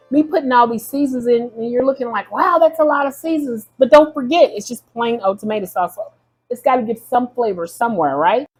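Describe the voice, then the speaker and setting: A woman's voice: fairly high pitch, breathy edge, poor audio. A woman hosting a casual home cooking demonstration in her kitchen, chatty and rambling, often correcting herself mid-sentence. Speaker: home cooking video host.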